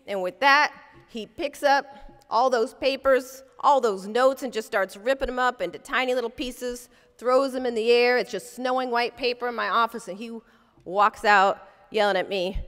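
A woman's voice: fairly high pitch, normal speed, fairly bright tone. A woman lecturing as a civil rights lawyer, telling a personal story vividly and acting out the voices she quotes. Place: lecture hall. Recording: long reverb from a large hall.

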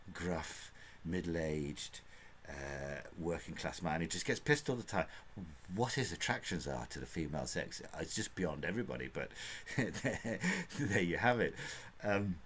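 A man talks through a book review off the cuff, wandering between points with plenty of fillers and little chuckles. His voice sits very low, and a faint hiss runs under the recording. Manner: rambling, chatty, with frequent fillers and chuckles.

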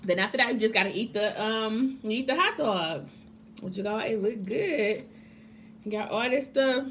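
A woman chatting casually to camera as a mukbang vlogger, excitable and calling her viewers y'all. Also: fairly high pitch, normal speed, slight background noise.

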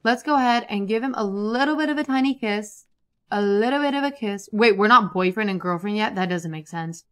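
A woman giving casual, chatty commentary over a life-simulation game, excitable and prone to repeating herself. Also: mid-range voice, fairly quick, clean tone. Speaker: gaming YouTuber. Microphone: desktop USB microphone.

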